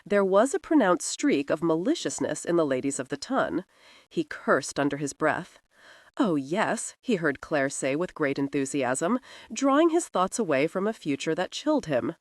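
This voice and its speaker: Expressive woman audiobook narrator, dry studio. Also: deep voice, normal speed, no room sound.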